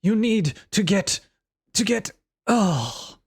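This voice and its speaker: A man's voice: high-pitched, big pitch swings, slow, slightly rough, full character voice. A man voicing a grave male messenger who urges a hero to take revenge, in a mock-solemn reading of game text.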